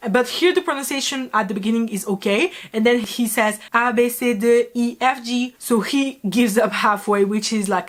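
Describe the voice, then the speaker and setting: French woman vlogger, young, French-accented English, slightly high voice, chatty and opinionated commentary. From France. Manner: chatty, opinionated, critical asides. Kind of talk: casual video commentary.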